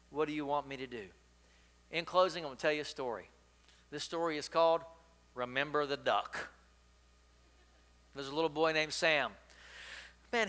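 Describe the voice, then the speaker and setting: A male preacher delivering a sermon, emphatic and repetitive as he tells a story and prays. His voice sits somewhat high for a man and rings bright and forceful.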